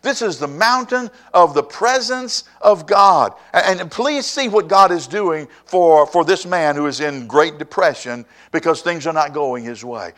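A man preaching a sermon to a congregation, rising to ringing emphasis and then dropping to a quiet hush. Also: fairly high pitch. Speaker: pastor.

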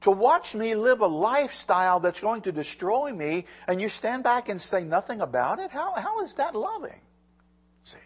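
Man, middle-aged, pastor, sermon, husky, lively swooping pitch, repeats words for emphasis. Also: moderate pace, few pauses. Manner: animated preaching, swings from loud to hushed, repeats words.

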